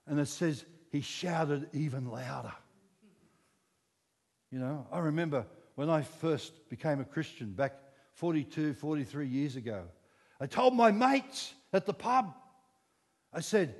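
A Scottish man in his sixties preaching a sermon, telling the story with lively acted-out voices. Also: high-pitched, a little slow, long reverb tail. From Scotland. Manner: animated storytelling, acting out voices.

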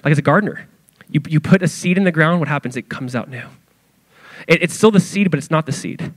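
A male pastor preaching an animated sermon to his church, acting out quoted voices as he goes. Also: fairly high pitch, fast talker, no room sound.

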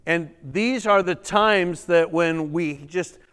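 A male pastor preaching a sermon, reading scripture dramatically and breaking into animated asides to the congregation. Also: a little high, slow pace, clear, resonant tone. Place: church sanctuary. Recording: reverberant church hall.

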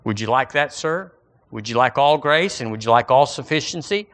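A man's voice: medium pitch, expressive, moderate pace, a bit bright, lightly acted. A man voicing God as a polite male customer-service clerk, with courteous salesman patter. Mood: obliging.

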